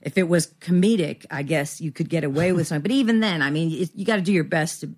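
A woman's voice: low voice, quick pace. Rambling, self-deprecating middle-aged woman. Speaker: actor guest. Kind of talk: candid interview chat.

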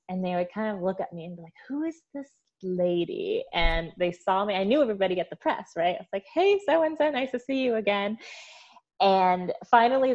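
Lively storytelling woman, muffled sound. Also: lowish voice. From United States. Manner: animated storyteller, laughs often. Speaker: guest, olive oil producer. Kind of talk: casual interview storytelling.

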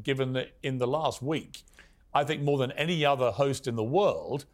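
A British man hosts a studio talk show in a forceful, indignant manner. He speaks in pointed rhetorical questions and firm declarations, then presses his guest with challenges. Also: medium pitch. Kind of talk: opinionated monologue and interview.

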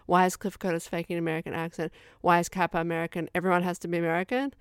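Low-voiced woman chatting casually about film. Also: level tone, rapid-fire, hardly any pauses, smooth, dry recording, studio quality. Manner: rambling, heavy on fillers, acts out her reactions. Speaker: podcast co-host. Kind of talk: casual film review chat.

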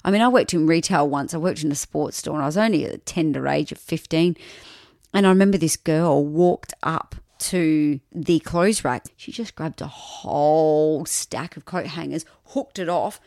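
A woman guest on a podcast, chatting and telling stories with a teasing streak. Her voice sits on the low side. The sound is dry and close. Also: moderate pace, darkish tone, dry recording. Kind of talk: casual chat.

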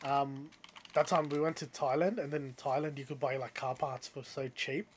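A young man telling a story in casual chat, animated and getting loud when he quotes other people. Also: medium pitch, moderate pace, a little hiss or hum.

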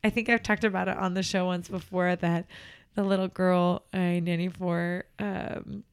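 A woman who works as a nanny, co-hosting a podcast in casual chat, earnest and animated. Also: fairly low pitch, moderate pace, clear, resonant tone. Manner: warm, earnest, animated storytelling with laughs.

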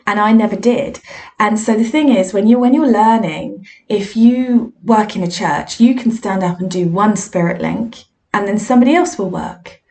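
A woman speaks candidly into her podcast, recounting her own failures in a frank, self-deprecating, conversational way. Her voice sits at an ordinary middle pitch for a woman. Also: normal speed, darkish tone. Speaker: podcast host and medium. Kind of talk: personal storytelling monologue.

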